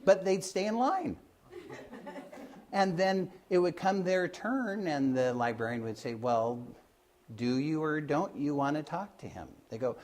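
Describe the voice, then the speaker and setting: Man, mid-pitched, slow and halting storyteller, acts out the dialogue, faint hiss behind. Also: lively intonation, a little mellow. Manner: hesitant, many fillers and restarts, acts out the quoted voices. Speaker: Christian Science healer telling of his work. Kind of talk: informal storytelling talk.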